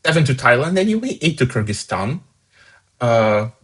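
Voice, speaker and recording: A man's voice: mid-range voice, very animated, moderate pace, husky, low-quality recording. A man hosting a fan song contest, casually reading out each voter's points with chatty asides. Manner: casual, chatty, upbeat about scores. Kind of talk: live commentary reading out votes.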